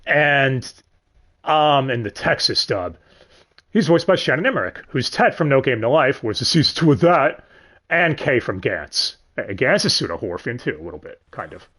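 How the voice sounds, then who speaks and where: A young man hosting a casual livestream, his pitch bouncing up and down as he talks. He rambles, trips over his words, swears freely and corrects himself mid-sentence. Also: very animated, moderate pace, a bit bright. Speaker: stream host.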